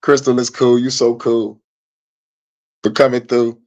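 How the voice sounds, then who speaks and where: Young male streamer, casual and cussing, animated frustrated rant. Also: unhurried. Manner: profane, animated, frustrated venting with swings in pitch and loudness. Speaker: podcast host.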